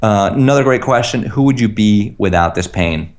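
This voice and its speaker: A man's voice: lowish voice, expressive, normal speed. A man giving an earnest coaching talk on a call, acting out example phrases for listeners to repeat. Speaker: tapping practitioner, guest on a call.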